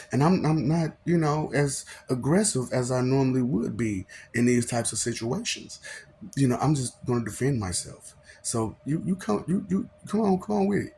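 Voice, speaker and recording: With a creaky, medium-pitched voice, a man styling himself a god lectures viewers in a preachy, rambling monologue. He laughs often, throws out derisive rhetorical questions and sometimes stumbles in his speech, with slight background noise behind him.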